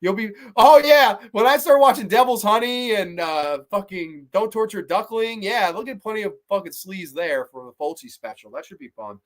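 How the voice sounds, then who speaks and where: A male horror podcast host chatting casually on a livestream. His voice sits a touch high, and he rants with plenty of swearing. He stammers and restarts whenever he gets heated. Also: moderate pace, hardly any pauses. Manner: ranting, profane, animated, stammering restarts.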